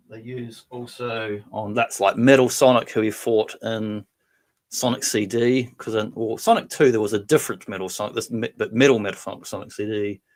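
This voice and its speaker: Chatty man, low voice. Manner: rambling and chatty, answers viewer comments. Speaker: toy collector hosting a live stream. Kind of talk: casual live-stream chat.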